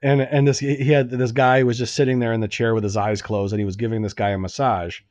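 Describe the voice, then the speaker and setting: Man, rapid-fire, rambling storyteller, swears a lot, dry close sound. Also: medium pitch, dry recording, highs cut off. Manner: rambling, animated, swears freely, acts out both sides of his stories. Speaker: podcast co-host. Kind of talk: casual storytelling chat.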